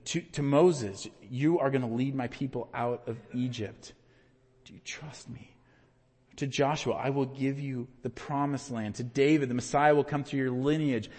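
A man preaching a sermon, swinging from loud emphatic peaks to hushed, quiet questions. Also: medium pitch, in a large hall. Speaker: pastor.

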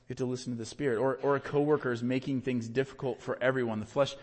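A man's voice: steady tone, quick pace, a little mellow. Male pastor, mid-range voice, emphatic sermon delivery, long hall reverb. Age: adult with young children. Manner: earnest, builds to emphatic peaks then drops low.

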